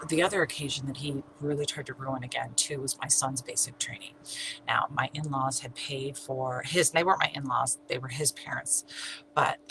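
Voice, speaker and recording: A woman's voice: very deep voice, vocal fry. A middle-aged woman telling her own story in an emphatic, repetitive way, sometimes dropping to a whisper. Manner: emphatic, repeats herself, sometimes drops to a whisper. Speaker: channel host, abuse survivor. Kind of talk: personal storytelling. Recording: steady hum in background.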